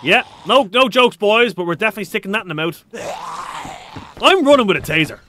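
High-pitched, bright-voiced male streamer. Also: expressive, a little fast, slight background noise. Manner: high-energy, swearing, joking with chat. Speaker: game streamer. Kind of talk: live gameplay streaming, reading chat aloud.

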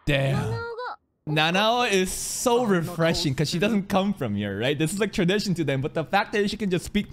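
A man hosting a live anime reaction, heated and profane, yelling at the screen. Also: high-pitched, big pitch swings, normal speed, crowd noise. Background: anime episode audio with music.

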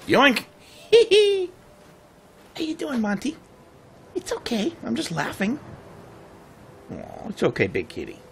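A man's voice: very high-pitched, wildly swooping pitch, slow pace, vocal fry, long pauses, slight background noise. A man casually commenting on his gameplay livestream, playful and laughing often as he chats to his cat. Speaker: game streamer.

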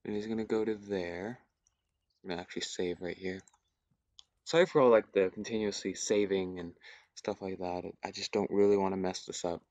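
A young man in casual gameplay commentary, thinking aloud in a hushed, often whispered voice, repeating himself as he works things out. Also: low voice, steady tone, moderate pace, no echo. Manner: thinks aloud, repetitive and tentative. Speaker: gaming YouTuber.

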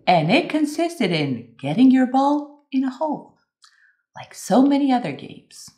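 A woman teacher giving a playful English vocabulary lesson, moving between bright exclamations and hushed asides. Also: mid-range voice, reverberant.

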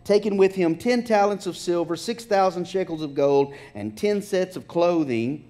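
Man, pastor, sermon in church, high voice, acts out story figures. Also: normal speed, dark tone. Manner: preaching with rising intensity, acting out biblical speech.

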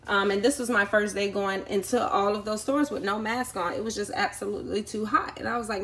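A woman's voice: medium pitch, fairly quick, hardly any pauses, a bit bright. A woman vlogging casually at home, telling a long story with lots of ums and acting out the people she met. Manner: chatty, many ums, acts out quoted people. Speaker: YouTube vlogger. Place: indoors at home.

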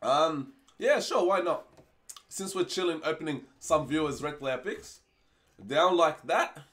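A young man streaming live, chatting casually and excitedly as he opens game packs, swearing freely and pleading for good luck. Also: a little high, measured pace.

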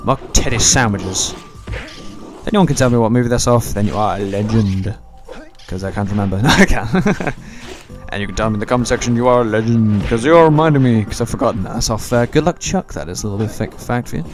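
A young man gives fast, rambling, joking commentary over a let's play video, his voice on the lower side. Game music plays in the background.

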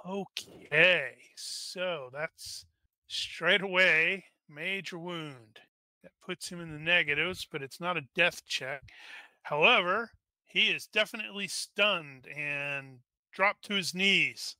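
A man runs a tabletop battle as game master. He talks through each roll methodically and at an unhurried pace. His voice is bright and slightly high, recorded dry and close. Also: no room sound. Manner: methodical, narrates dice rolls aloud. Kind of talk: running a tabletop combat.

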